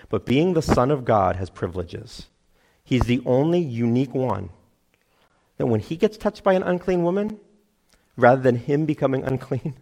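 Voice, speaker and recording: A middle-aged man preaching a sermon, animated, acting out crowd voices and laughing at himself. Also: medium pitch. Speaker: pastor.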